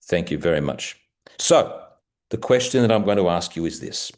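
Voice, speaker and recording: An older man with an Australian accent, slightly croaky, presenting a business webinar over a video call in a measured, deliberate way. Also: deep voice, animated, darkish tone. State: croaky from the early hour. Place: home at night.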